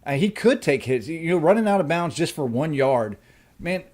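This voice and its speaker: A man co-hosting a casual sports podcast, talking haltingly with many uhs and restarts. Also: fairly high pitch, lively intonation, darkish tone. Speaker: podcast co-host.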